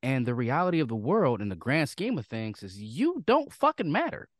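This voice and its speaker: A man's voice: mid-range voice, big pitch swings, normal speed, dry recording, studio quality. A man co-hosting a casual podcast chat, ranting bluntly and profanely for laughs. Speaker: podcast co-host.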